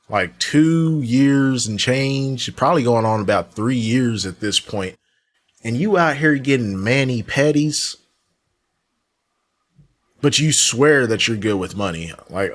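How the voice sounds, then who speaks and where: A man hosting a reaction commentary show, talking in a casual, slangy way that turns exasperated and mocking. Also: mid-range voice. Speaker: commentary channel host.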